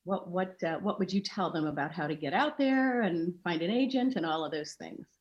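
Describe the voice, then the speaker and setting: A woman's voice: lowish voice, normal speed, muffled recording. A woman hosting an interview, asking her guest questions and offering short affirmations. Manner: brief affirmations, friendly questions. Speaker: interview host. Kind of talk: casual interview.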